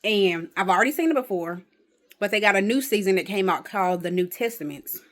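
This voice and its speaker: A woman's voice: mid-range voice, animated, a little fast, fairly bright tone. A woman talking casually to a phone camera at home in a rambling day-in-the-life vlog, with exasperated asides. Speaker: vlogger.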